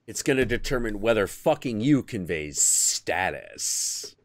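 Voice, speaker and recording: A man hosting a casual chat, telling crude stories and jokes with sudden squeaky put-on voices. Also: unhurried, dry recording. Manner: crude, animated storytelling with sudden high squeaky impressions. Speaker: host.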